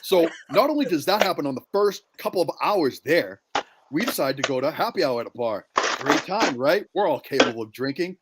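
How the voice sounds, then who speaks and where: A man's voice: fairly high pitch, lively intonation, brisk, very noisy. Profane young man telling a party story. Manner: profane, rambling anecdote telling. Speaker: podcast co-host. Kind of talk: casual storytelling chat.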